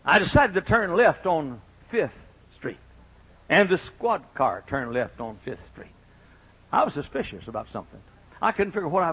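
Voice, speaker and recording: An older male pastor preaching a sermon, swinging from fervent shouting to hushed storytelling, with folksy asides to the congregation. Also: a little high, husky, highs cut off.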